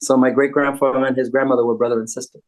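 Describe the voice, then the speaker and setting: A man's voice: mid-range voice, flat delivery, racing. A joking older man from the United States, talking casually as a guest. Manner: joking, wisecracking. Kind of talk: casual chat.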